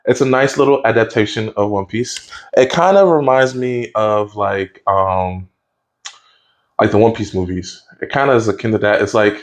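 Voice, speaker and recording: Speaking at a moderate pace in a voice on the low side, a man reviews a TV episode casually. His delivery is easygoing, conversational, and rambling, with lots of fillers, restarts, and self-corrections.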